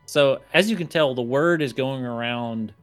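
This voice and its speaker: A man's voice: mid-range voice, moderate pace, faint music behind. A man narrating a tabletop game as game master, rambling with many fillers.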